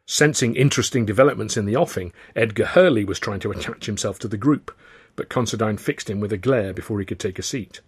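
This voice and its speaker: A man's voice: lowish voice, fast, slightly rough. A man reading his own novel aloud as first-person narrator, in a wry storytelling manner. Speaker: author and narrator.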